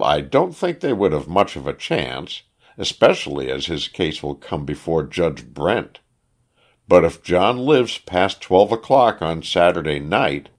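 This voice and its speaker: A worldly, cynical lawyer, read by a male narrator explains things in a deep, unhurried voice. He sounds measured and matter-of-fact, never rushing a word. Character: worldly cynical lawyer, middle-aged man. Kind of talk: audiobook character reading.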